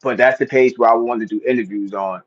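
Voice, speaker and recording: A man's voice: medium pitch, fairly even intonation, fast. A man with a North Jersey accent, hosting a casual livestream chat in a laid-back, slangy way and laughing often. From New Jersey. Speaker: livestream host. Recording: dull lo-fi stream audio.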